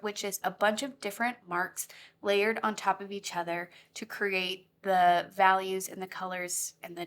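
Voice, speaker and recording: A woman's voice: medium pitch, a bit bright. A woman teaching a watercolor lesson in a bubbly, giggly, grateful way. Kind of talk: friendly tutorial instruction.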